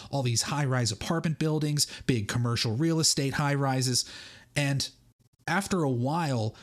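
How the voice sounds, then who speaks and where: A man hosting a livestream, giving analytical market commentary and reading book excerpts aloud with asides. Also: mid-range voice. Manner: analytical, explains and reads passages with asides. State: has the hiccups.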